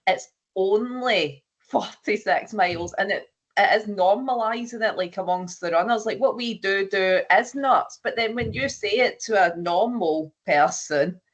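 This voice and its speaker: An easygoing woman hosts a running podcast and chats with her guest. Her voice sits in a middle pitch. The recording sounds a little dull and lo-fi. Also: unhurried. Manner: easygoing, agreeing, conversational. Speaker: podcast host. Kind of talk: casual podcast chat.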